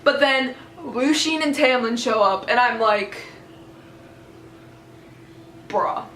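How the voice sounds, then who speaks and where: Excited rambling woman vlogger. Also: on the high side, a little slow, roomy sound, a little hiss or hum, low-quality recording. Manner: excited rambling retelling with many fillers. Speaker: book vlogger. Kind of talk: casual book discussion.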